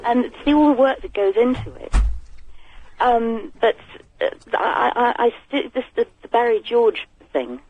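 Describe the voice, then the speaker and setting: A woman's voice: fairly high pitch, lively intonation, a little slow. Rambling woman on a phone line. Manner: chatty, rambling, giggly. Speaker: caller. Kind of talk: radio phone-in chat. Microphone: telephone.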